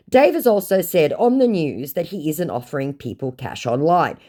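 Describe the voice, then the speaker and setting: A woman's voice: sits low, very animated, normal speed, hardly any pauses, mellow. A woman recounting a scam chat in storytime narration, with sarcastic, mocking asides.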